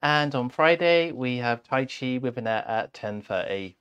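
A man's voice: medium pitch, animated, unhurried, fairly bright tone, clean tone. A man co-hosting a community live stream, who reads out the schedule and introduces a picture book in a playful, self-mocking way. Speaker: co-host.

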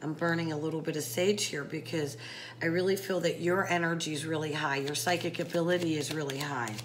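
A woman's voice: low-pitched, steady tone, fairly quick, noisy background. A woman doing a casual tarot reading to camera, chatty, with many fillers and talking straight to the viewer. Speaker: psychic tarot reader.

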